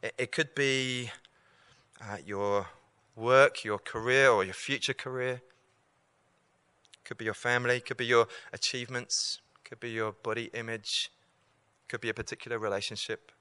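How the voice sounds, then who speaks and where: A man's voice: mid-range voice, fairly even intonation, normal speed, pushed and bright, clean tone, no room sound. A man giving an evangelistic talk to students, earnest and repeating key lines for emphasis. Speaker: campus preacher.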